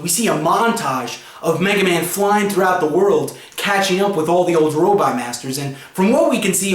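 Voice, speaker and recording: A man giving a casual, chatty spoken review of a comic book, full of fillers. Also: on the high side. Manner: chatty, many fillers and 'you know'. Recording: roomy echo.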